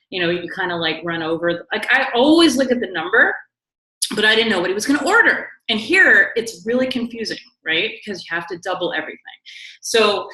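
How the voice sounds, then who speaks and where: A woman co-hosting a casual talk show, telling a story in a lively, quick way with lots of "like" and "you know". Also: mid-range voice. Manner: animated, quick storytelling with many likes and you knows. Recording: echoey room.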